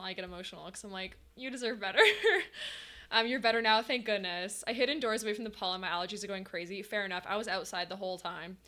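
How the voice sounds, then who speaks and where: A chatty woman streaming a game, talking casually to her viewers and replying to chat as she goes. Her voice is bright and clear, and she laughs often. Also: mid-range voice.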